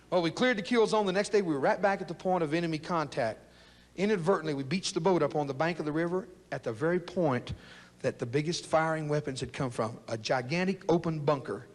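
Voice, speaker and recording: An older man, giving a folksy, joking motivational speech to young people about loyalty and his war years. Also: fairly high pitch. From South Texas. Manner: folksy, jokey, fired-up preaching. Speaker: speaker telling his war story. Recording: long echo of a big hall.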